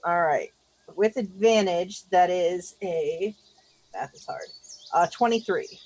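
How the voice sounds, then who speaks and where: A woman playing a tabletop game, declaring her character's moves briskly. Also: on the low side, a little mellow, slight background noise. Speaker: player.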